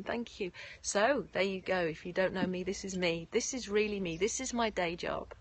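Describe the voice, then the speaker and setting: A woman's voice: on the low side, normal speed, few pauses. A woman, a yoga nidra teacher, chatting effusively with viewers on a live stream from outdoors and thanking them by name. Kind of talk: live-stream chat after a guided meditation. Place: outdoors in nature. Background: faint birds and distant sirens.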